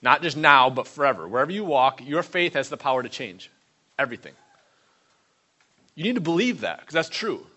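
A man's voice: on the high side, expressive, a little fast, long pauses, pushed and bright. A man preaching a conversational sermon, stressing points with repeated questions and short reading passages. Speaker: pastor.

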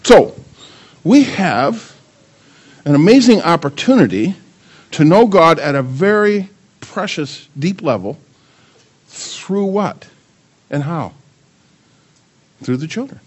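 An older pastor preaches a sermon in a fairly high voice, speaking slowly with long pauses. He's animated, firing rhetorical questions at the congregation, asking the audience many questions, and joking with his grandchildren.

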